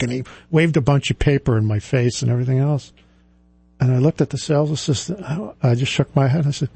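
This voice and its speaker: A middle-aged financial advisor tells stories in a relaxed, chatty way, chuckling and restarting his sentences. His voice is gravelly and husky, with a mellow, dark tone. The recording is dry and close. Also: medium pitch, brisk, no echo. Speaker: financial advisor and firm president. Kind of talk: casual storytelling monologue.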